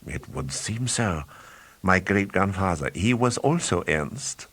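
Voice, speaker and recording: A man reading an audiobook, voicing a smooth, scheming middle-aged count who tempts with bribes. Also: deep voice, lively intonation, slow pace, a bit bright, dry recording, exaggerated voice. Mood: guarded. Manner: smooth, persuasive, wheedling. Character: silky sinister middle-aged male count.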